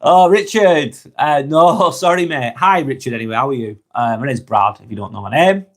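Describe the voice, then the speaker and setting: A young man hosts a relaxed live vlog, reading viewers' comments aloud and answering each one in a frank, chatty way. His voice sits at an ordinary middle pitch for a man. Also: normal speed. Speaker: live stream host.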